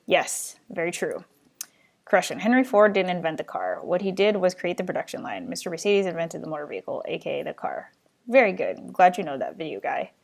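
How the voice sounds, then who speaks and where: A woman's voice: lowish voice, sing-song, fairly quick, creaky. A young adult woman hosting her own live show, chatting casually and rambling as she answers viewer questions. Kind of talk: casual live-stream chat.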